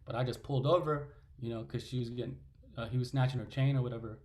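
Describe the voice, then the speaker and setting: A man's voice: medium pitch, fairly even intonation, fast talker, darkish tone. A man, a father, talking bluntly and casually with plenty of slang as a panel guest. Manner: blunt, slangy, "bro", "you know what I'm saying".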